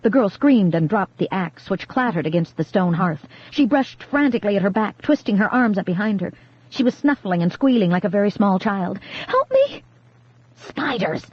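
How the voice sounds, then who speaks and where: An audiobook narrator giving steady, measured scripted horror narration. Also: mid-range voice. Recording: dull lo-fi dry recording.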